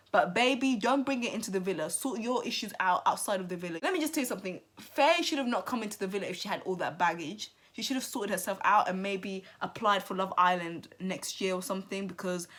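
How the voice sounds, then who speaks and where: A woman giving animated, sassy commentary on a reality TV show, talking straight to her viewers with emphatic asides. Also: medium pitch. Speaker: TV commentary vlogger.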